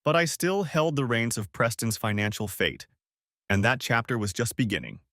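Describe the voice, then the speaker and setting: A man reading a scripted first-person story, measured and cold in tone. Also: mid-range voice, lively intonation, fairly bright tone, dry recording, clean studio sound. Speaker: story narrator.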